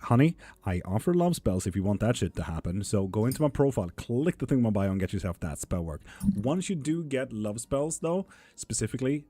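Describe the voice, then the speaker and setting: Chatty guy doing tarot on a livestream, low mellow voice, calls everyone honey, dry close sound. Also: dry recording. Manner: chatty, calls viewers honey, swears freely. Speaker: tarot reader and live streamer. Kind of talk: casual live-stream chat.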